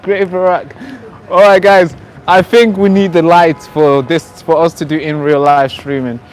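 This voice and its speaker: A man's voice: on the high side, fairly even intonation, normal speed, slight background noise. Chatty man live-streaming from a night street. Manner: chatty, restarts often, addresses viewers directly. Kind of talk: casual live-stream talk to viewers. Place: outdoors on a city street at night.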